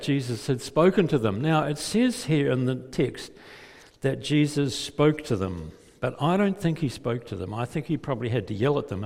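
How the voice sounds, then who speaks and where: A man's voice: mid-range voice, a little mellow. A male preacher telling a gospel story vividly and putting rhetorical questions to his listeners. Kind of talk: sermon storytelling. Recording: long hall reverb.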